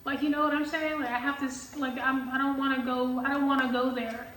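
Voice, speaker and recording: High-pitched woman ranting casually, lots of swearing, echoey room, mic a bit far off. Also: a little fast, a little hiss or hum. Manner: animated, swearing, lots of filler words. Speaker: tarot reader. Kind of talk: casual storytime vlog chat.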